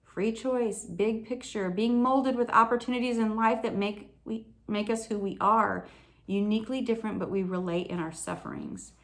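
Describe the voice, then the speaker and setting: A patient, gentle God speaks in quiet, measured tones, put on by a woman recounting her prayers. The voice stays soft and unhurried. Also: medium pitch, steady tone, close to an everyday voice. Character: God, calm patient gentle male deity.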